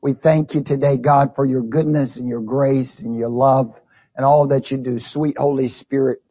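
A man preaching a sermon with fervor, often saying amen and rising to shouts. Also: mid-range voice, fairly even intonation, normal speed, breathy edge, no echo, lo-fi sound.

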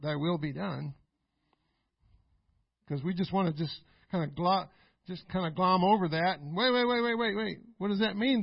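List: male pastor preaching, emphatic and repetitive, high gravelly voice, dull dry recording. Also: dry recording. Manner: emphatic, repetitive, rising to loud exclamations. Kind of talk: sermon.

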